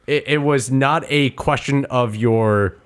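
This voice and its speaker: A man's voice: mid-range voice, slow. A man chatting casually, blunt and profane as he explains his views on teamwork. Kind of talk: casual chat.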